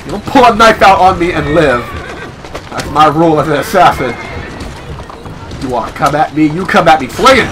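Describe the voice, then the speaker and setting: A young man casually joking through a game playthrough, with sudden high yelps. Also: lively intonation, moderate pace, long pauses, over music. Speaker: gameplay commentator. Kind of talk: casual let's-play commentary.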